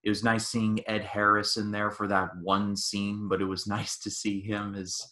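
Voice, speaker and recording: A man's voice: on the low side, moderate pace. A man co-hosting a podcast, eagerly reviewing a film in casual chat and acting out its lines. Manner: excited, acts out quotes with many restarts. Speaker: podcast co-host.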